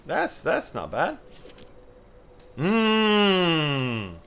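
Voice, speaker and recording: A man's voice: sits high, huge pitch swings, very slow, gravelly, fairly bright tone, clean tone. A man streaming a video game, chatting and reacting as he plays and reads on-screen text. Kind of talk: let's play commentary.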